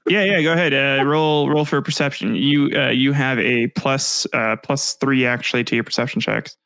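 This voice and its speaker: A man's voice: mid-range voice, fairly even intonation, vocal fry, fairly bright tone, no room sound. Young man running a tabletop game. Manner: casual, halting, laughs at his own descriptions. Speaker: game master.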